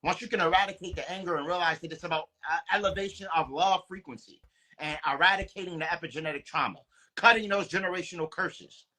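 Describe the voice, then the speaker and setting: A man's voice: high voice, fast talker, bright, forceful tone. A man speaking, earnest and preachy in casual podcast chat, often repeating himself.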